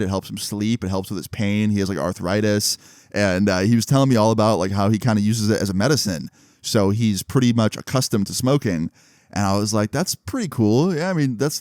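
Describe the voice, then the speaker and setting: A man's voice: lowish voice, a little mellow, no room sound, clean studio sound. A young man casually telling a story in a laid-back, slangy way, chuckling now and then.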